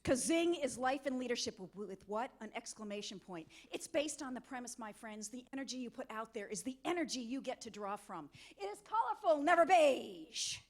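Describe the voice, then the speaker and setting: High-voiced energetic woman keynote speaker. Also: a little fast, hardly any pauses. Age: middle-aged or older. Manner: energetic, coaxing audience volunteers. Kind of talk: interactive motivational talk. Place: conference hall.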